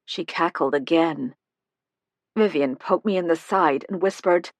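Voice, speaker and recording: A woman's voice: on the low side, dry recording. Woman narrating a cozy mystery, dry and close. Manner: even, measured storytelling. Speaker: audiobook narrator. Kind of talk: first-person mystery narration.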